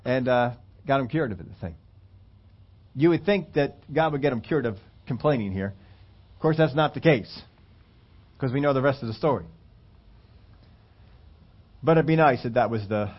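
A man's voice: medium pitch, normal speed, long pauses. A man preaching a sermon, reading scripture and telling stories with emphatic repetition. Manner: animated storytelling, emphatic repetition. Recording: dull lo-fi recording.

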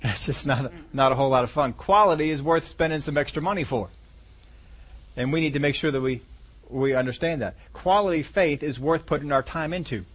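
Male pastor, folksy, conversational sermon, higher-pitched voice, talks straight to the congregation. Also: a little fast, a bit bright, slightly rough.

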